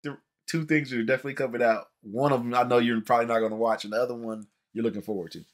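A man hosting a casual movie review chat, animated, repeating words and acting out the people he quotes. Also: medium pitch, racing. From Cincinnati, USA. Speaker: podcast host.

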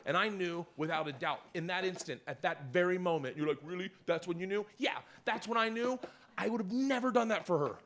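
A man's voice: high voice, expressive, a little fast, fairly bright tone, slight background noise. A man performing stand-up, telling rowdy, self-mocking stories. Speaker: stand-up comedian. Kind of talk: stand-up set.

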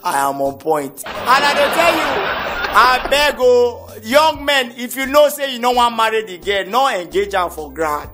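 A Nigerian man doing a stand-up comedy routine in Nigerian Pidgin English, animated and shouting out his punchlines. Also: very high-pitched, unhurried. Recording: comedy CD with music behind.

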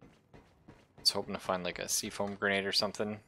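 A man's voice: deep voice, level tone, normal speed, pushed and bright. A man with a South African accent, chatting casually and joking with teammates while playing a co-op game. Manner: laid-back, joking, calling out moves to teammates. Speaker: gamer.

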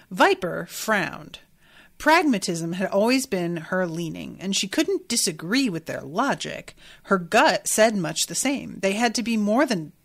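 A woman's voice: mid-range voice, a bit bright. A woman hosting a podcast, reading passages from a book aloud and reacting to them candidly with frank asides and casual swearing. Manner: candid and irreverent, swears freely, rhetorical questions. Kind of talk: casual chat mixed with read-aloud passages.

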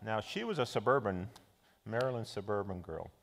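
A man's voice: lowish voice, animated, moderate pace, fairly bright tone. A middle-aged male pastor giving a conversational sermon, with frequent fillers and restarts. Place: church. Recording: long church hall reverb.

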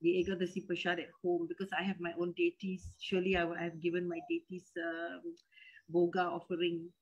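A woman's voice: lowish voice, completely flat delivery, a little fast, husky, muffled recording. A middle-aged Malaysian woman with a Malaysian English accent, speaking respectfully and hesitantly to her teacher, often repeating words as she restarts. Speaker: disciple calling in with a question. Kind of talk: casual chat.

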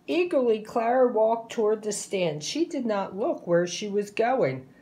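A woman narrating a children's picture book aloud, clear and expressive. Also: fairly high pitch, slight background noise. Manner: slow, clear, expressive storytelling.

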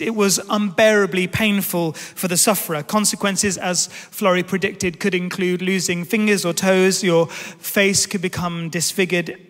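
A man in his thirties giving a sermon, telling a family story as an animated, self-deprecating storyteller. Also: sits high. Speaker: pastor. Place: large church hall. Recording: reverberant church hall.

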